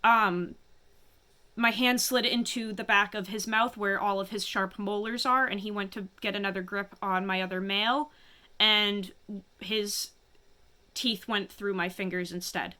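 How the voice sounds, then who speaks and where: A woman speaks straight to camera about something she has never shared, her delivery halting and full of restarts. Her voice is bright and clean, and she keeps stopping to hold back tears. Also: mid-range voice, steady tone. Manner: halting, emotional, many restarts and pauses. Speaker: vlogger. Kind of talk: personal confession to camera.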